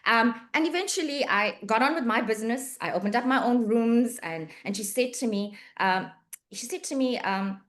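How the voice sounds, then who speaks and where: A woman's voice: a little high, normal speed. A middle-aged physiotherapist with a South African accent tells a story in an interview. She acts out the dialogue and often restarts her sentences. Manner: lively anecdotal, acts out quoted dialogue, frequent restarts. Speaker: physiotherapist and medico-legal report writer.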